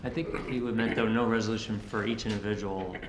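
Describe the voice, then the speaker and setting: A man in a town meeting explaining a procedural point briskly. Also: on the low side, fairly even intonation, reverberant, noisy background. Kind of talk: meeting discussion.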